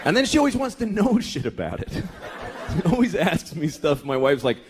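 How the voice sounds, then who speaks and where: Performing stand-up before a laughing comedy club crowd, a man in his thirties is profane and exasperated, sometimes acting out voices. His fairly high voice is very animated and fairly quick, and the live club recording carries crowd noise.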